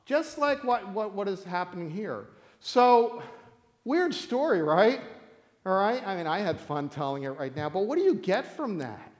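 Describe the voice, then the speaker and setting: A high-voiced male pastor tells a scripture story like a campfire tale, playful and animated, often laughing. His voice carries a long reverb from a large hall. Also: unhurried.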